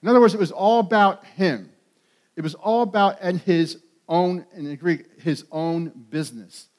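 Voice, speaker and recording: This pastor's voice sits high, and he preaches at a moderate pace with animated emphasis. His sermon climbs to loud peaks, with frequent repetitions and restarted words.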